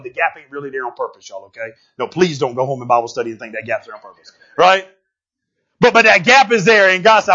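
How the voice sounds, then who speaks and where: High-voiced animated male preacher, lo-fi. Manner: animated and conversational, casual slang and rhetorical asides. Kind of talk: sermon.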